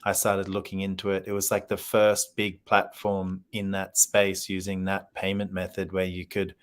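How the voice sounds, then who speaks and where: Low-voiced man chatting casually. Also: moderate pace, clean tone. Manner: relaxed storytelling with many fillers. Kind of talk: casual conversation.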